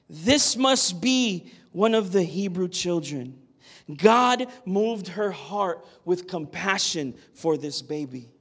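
Man, preacher, high voice, unhurried, earnest sermon delivery. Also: animated, fairly bright tone. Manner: earnest, emphatic, asks the crowd "Amen?". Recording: long hall reverb.

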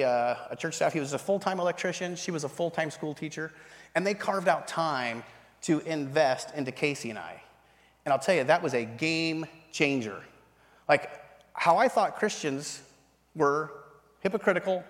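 A fairly high-voiced man tells his story as a sermon, animated and lively, acting out the voices of the people he met. His voice rings through a church auditorium with a long reverb tail. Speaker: pastor. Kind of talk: sermon testimony. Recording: reverberant hall.

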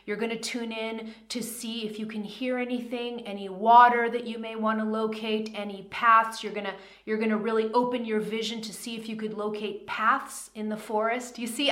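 Bright-voiced woman teaching in an echoey room. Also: fairly high pitch. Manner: conversational, often checks in with "okay?". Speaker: spiritual teacher. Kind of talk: guided teaching talk.

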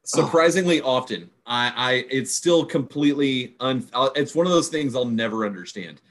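A man's voice: medium pitch, moderate pace, fairly bright tone. A man co-hosting a podcast in casual chat. He rambles and often stops to restart his sentences. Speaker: podcast co-host, teacher.

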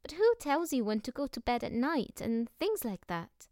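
A woman doing a timid, high little girl. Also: sing-song, moderate pace, a little mellow, dry recording, clean studio sound. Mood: eager. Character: anxious, polite young girl.

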